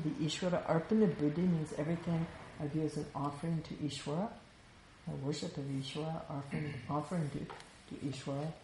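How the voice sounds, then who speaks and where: A woman with a low, gravelly voice gives a spiritual teaching in an easy, conversational way and keeps checking in with her listeners. She is recorded in an echoey room with a faint hum of ambience behind her. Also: dark tone. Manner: reflective, conversational, frequent "you know". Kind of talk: Vedanta teaching talk.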